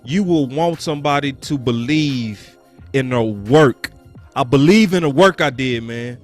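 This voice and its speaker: A man's voice: medium pitch, measured pace, soft background music. A man hosting a casual sports talk stream who speaks in slangy, emphatic repeated phrases. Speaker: sports talk show host.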